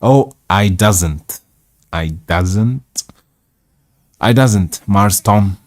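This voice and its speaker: A man voicing a reluctant young boy carrying water, reading the dialect haltingly. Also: fairly low pitch, expressive. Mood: pleading.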